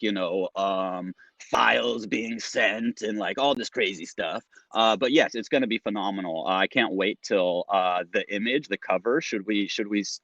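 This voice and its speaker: A man hosting a casual podcast, enthusiastic and full of fillers, laughing loudly. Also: on the low side, dry recording, highs cut off.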